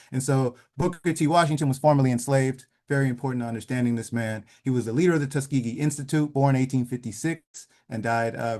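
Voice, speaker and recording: A man giving a measured lecture over slides in an online session, trailing off softly at the ends of phrases. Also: mid-range voice. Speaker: presenter leading an online session. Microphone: video call.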